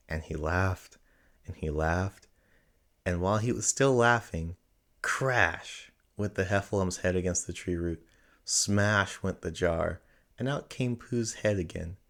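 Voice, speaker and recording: A man reading a children's storybook aloud in a gentle, measured way. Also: low-pitched. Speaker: narrator.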